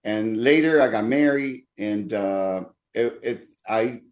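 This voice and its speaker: A man's voice: fairly low pitch, slow. A man in his sixties from the Republic, a pastor, earnestly telling his life story as an interview guest, with many fillers. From Dominican Republic. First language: Spanish.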